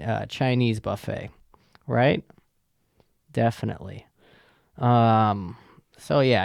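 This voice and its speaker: A man rambles through casual podcast talk, swearing constantly and joking as he goes. His voice has a gravelly edge but stays smooth and resonant. The sound is dry and close, with no room around it. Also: mid-range voice, darkish tone, no echo. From United States. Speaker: podcast host.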